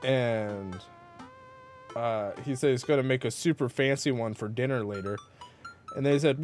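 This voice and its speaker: A man's voice: medium pitch, unhurried, long pauses, darkish tone, soft background music. A man casually commenting on a dating game he is playing, joking around and reading the game's messages aloud. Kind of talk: casual let's-play commentary.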